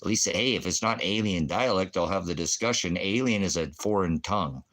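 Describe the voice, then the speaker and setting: A man's voice: low voice, fairly quick, a bit bright. A man hosting a ministry stream, ranting in a rambling, combative way, full of puns and profanity. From Oregon, USA. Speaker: ministry host.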